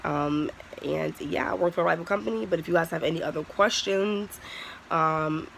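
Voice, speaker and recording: A young adult vlogger talks straight to camera in a loose storytime style, blunt and full of swearing. The voice has a gravelly, creaky edge and sits in a middle pitch. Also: normal speed, fairly bright tone, slight background noise, poor audio. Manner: candid, profane, heavy use of "like". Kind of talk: casual storytime vlog.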